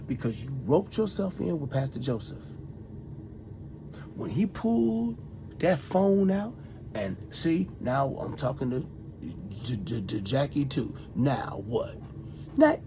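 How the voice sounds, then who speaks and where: Middle-aged guy going off at someone, super raspy and gravelly, kinda high, repeats himself a lot. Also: sing-song, unhurried, background noise. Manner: accusatory, repeats himself, swings between loud and hushed. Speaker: retired soldier vlogger. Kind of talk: heated monologue addressed to one person.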